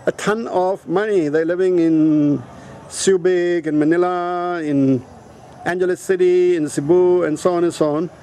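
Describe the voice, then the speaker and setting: A man talking to camera outdoors in a casual, rambling vlog, blunt and quick to swear. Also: high-pitched, steady tone, warm tone, slight background noise. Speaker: vlogger. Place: outdoors at a resort in a town.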